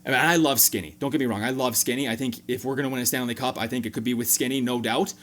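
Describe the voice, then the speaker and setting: In a mid-range voice moving at a racing clip, a man reacts to a game for his sports fan video, joking around casually as he analyzes it and breaking into abrupt bursts of excitement.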